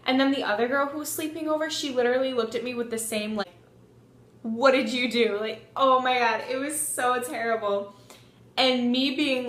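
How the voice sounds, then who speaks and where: A young woman telling a story in a casual vlog, animated, swearing freely and saying "like" a lot. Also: on the high side, echoey room. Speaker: vlogger.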